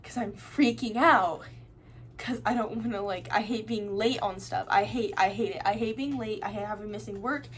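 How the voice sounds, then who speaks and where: A woman's voice: medium pitch, steady tone, brisk, few pauses, slight background noise, rough recording. A young woman in her teens ranting casually to the camera, rambling with lots of fillers and restarts. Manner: rambling, full of likes and restarts. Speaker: vlogger.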